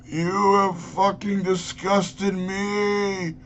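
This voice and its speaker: A man voicing an angry undead old father who has risen from the grave to scold his son, with a badly done Massachusetts accent and a slow, drawn-out delivery. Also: high-pitched, little pitch movement, fairly bright tone, muffled recording, a little hiss or hum, pitched above the performer's own voice, exaggerated voice. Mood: furious. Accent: Massachusetts, put on badly. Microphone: webcam.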